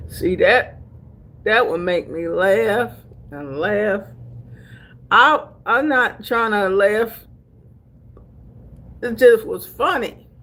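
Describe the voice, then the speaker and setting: Slow, husky older woman chatting. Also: medium pitch. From Delaware, USA. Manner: chatty, calls viewers honey and baby; laughs easily while telling stories. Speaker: vlogger. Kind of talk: casual chat to camera.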